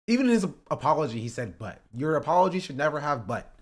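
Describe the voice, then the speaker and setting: A man's voice: a little high, very animated, rapid-fire. A man from North Carolina, streaming and reacting to clips while joking with his chat. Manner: joking, talks back to chat. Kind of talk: casual live-stream reaction commentary.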